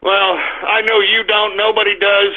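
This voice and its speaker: A man's voice: high-pitched, level tone, normal speed, a little hiss or hum. A male talk radio host, exasperated and swearing, rambling with restarts through a live on-air rant from his office. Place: home office. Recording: tinny phone-like radio stream.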